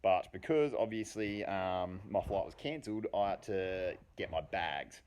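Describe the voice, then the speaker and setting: A man telling a personal story casually, animated and full of swearing, with rambling asides. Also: low-pitched, unhurried, a little hiss or hum.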